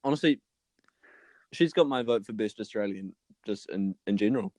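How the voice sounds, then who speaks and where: A man's voice: on the low side, expressive, normal speed, darkish tone, no echo. Wry young Kiwi man, dry sound. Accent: New Zealand. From New Zealand. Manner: wry, joking storyteller. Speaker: podcast co-host. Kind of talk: casual podcast chat.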